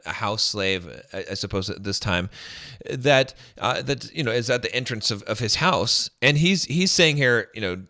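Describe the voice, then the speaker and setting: A man's voice: mid-range voice, bright, forceful tone, no room sound, clean studio sound. A man in his forties reads passages aloud and comments on them in a casual, chuckling way, with many restarts. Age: 40s. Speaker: philosophy commentator.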